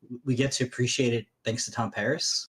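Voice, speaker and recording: A man with a husky, breathy voice chats on a watch-along voice call. He rambles through anecdotes, restarting his sentences and breaking into laughter. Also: mid-range voice, fairly even intonation, fairly quick, fairly bright tone. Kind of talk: casual watch-along chat. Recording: voice chat call.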